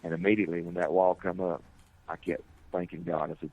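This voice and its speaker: A middle-aged American firefighter speaks in a very low, gravelly, darkish voice with little pitch movement. Appearing as an interview guest, he gives a personal account earnestly and haltingly, restarting many times. The audio is tinny, like a phone line.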